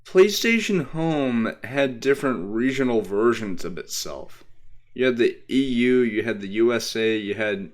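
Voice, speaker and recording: A man's voice: mid-range voice, animated, a little slow. A young man from Texas, streaming a game and chatting casually, rambling and answering his chat with plenty of fillers. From Texas, USA.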